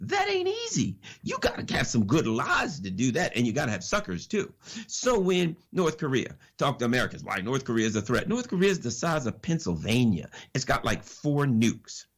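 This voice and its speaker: A man with a husky, slightly raspy voice speaks as a guest on a radio show. His delivery is animated and preachy, with pitch that rises and falls widely. He throws out rhetorical questions and repeats his lines for emphasis. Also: normal speed. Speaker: political analyst guest. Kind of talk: impassioned radio commentary.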